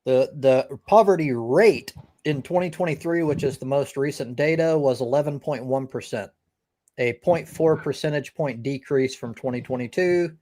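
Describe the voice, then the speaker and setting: A man's voice: medium pitch, moderate pace, warm tone, slight background noise. A man hosting a live-stream debate, arguing emphatically and swearing often. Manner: emphatic and profane, with frequent restarts. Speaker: host.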